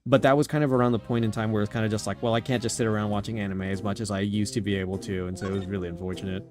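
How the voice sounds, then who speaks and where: A man's voice: fairly low pitch, little pitch movement, very fast, music in the background. A young man casually commenting on a game stream, rambling with lots of fillers. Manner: rambling, filler-heavy, self-deprecating.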